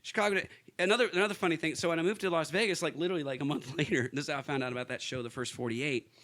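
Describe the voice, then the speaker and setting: A man's voice: a little high, steady tone, racing, a bit bright. A man from Kentucky, a podcast guest, telling stories in a casual chat, laughing often and restarting his sentences. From Louisville, Kentucky, US.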